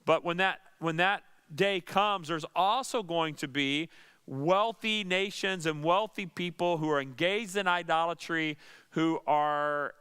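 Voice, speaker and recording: A man's voice: fairly high pitch, fairly bright tone, smooth. A man, a pastor, teaching a Bible study in an earnest, conversational way with dry sarcastic asides.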